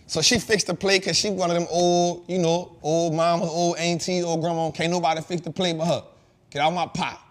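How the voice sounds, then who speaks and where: A man in his thirties hosting a show, telling a casual story in an animated, slangy way that swings from loud to hushed. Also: on the high side, brisk. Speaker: host.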